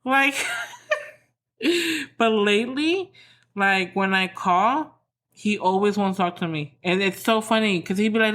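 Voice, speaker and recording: A woman's voice: mid-range voice, moderate pace, a bit bright. A woman in her thirties hosting a podcast, chatting casually about her kids and family, rambling with lots of fillers and acting out quotes. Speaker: podcast host. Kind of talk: casual storytelling monologue.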